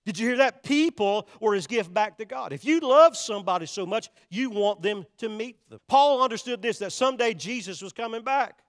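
A man's voice: high voice, lively intonation, a little fast, few pauses. A male pastor preaching a sermon, emphatic and repetitive, pressing his points directly on the congregation. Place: church sanctuary. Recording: long reverb of a large church sanctuary.

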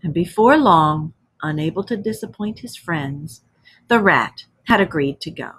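Teacher lady reading a story to kids, husky voice, explains words as she goes. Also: low voice, expressive, unhurried, a bit bright. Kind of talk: reading a story aloud to children.

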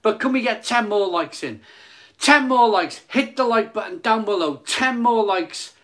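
Streaming casually from his phone, a man with a high-pitched voice talks a little slowly, first hyping excitedly and later growing soft and emotional. He keeps repeating phrases and tripping over his words.

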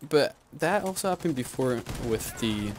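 A young man giving live gameplay commentary as channel host, rambling and often laughing or yelling at the game. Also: mid-range voice, lively intonation, normal speed, a little hiss or hum.

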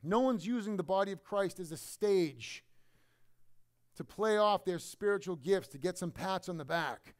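A man preaching a sermon to his congregation in a conversational, animated way, sometimes mimicking other people. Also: high-pitched, moderate pace. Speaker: pastor.

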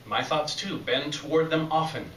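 A man voicing a calm, all-powerful male god who speaks in a slow, measured, folksy way. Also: a little high, echoey room, recorded from a distance, a little hiss or hum, close to an everyday voice, rough recording.

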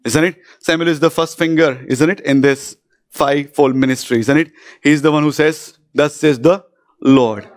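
A man's voice: fairly high pitch, fairly even intonation, normal speed, no echo. A man preaching a fervent sermon as pastor, often breaking in with hallelujah and praise God and asking the church "isn't it?". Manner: asks isn't it of the congregation.

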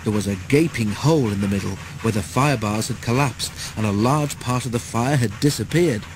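A man narrating a children's storybook in a steady, measured way. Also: medium pitch, background noise. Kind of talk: storybook read-aloud.

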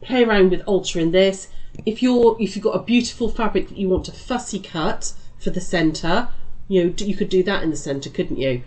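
A woman's voice: medium pitch, brisk, a little mellow. Chatty British woman teaching quilting. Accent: British English. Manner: chatty and reassuring, calls viewers lovely and love. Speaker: quilting shop host. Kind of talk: live quilting tutorial chat.

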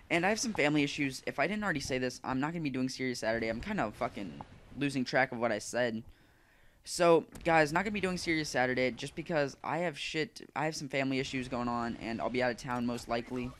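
A man's voice: medium pitch, a bit bright, slight background noise. A man doing casual gaming commentary, rambling and swearing as he vents his frustration. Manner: rambling, profane, frustrated ranting. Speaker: gaming YouTuber. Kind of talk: casual commentary over gameplay.

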